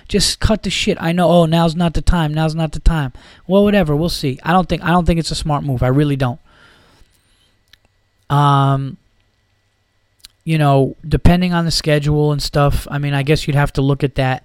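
This casual sports rant comes from a podcast host whose slightly high, somewhat mellow voice has a clean tone. He's heated and profane about football, wandering between points, and the audio is dry, close and free of echo.

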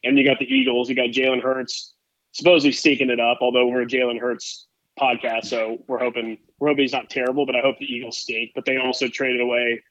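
A man's voice: medium pitch, quick pace, a bit bright, no echo. Rambling man talking football, muffled sound. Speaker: podcast co-host. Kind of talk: casual sports chat.

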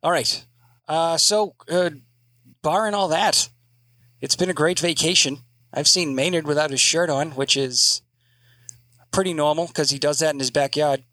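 A man hosting a casual podcast, joking and swearing as he rambles through announcements. His voice is bright and a little high for a man. The sound is dry and close. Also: normal speed, long pauses, no echo. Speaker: podcast host.

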